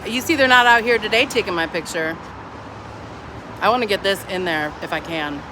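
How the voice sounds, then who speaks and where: A woman's voice: mid-range voice, moderate pace. A woman livestreaming on a phone outdoors, chatting casually in a mocking, sarcastic way. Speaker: livestreamer at a street protest. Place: outdoors on a city street. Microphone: phone held while streaming. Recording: outdoor street noise with passing traffic.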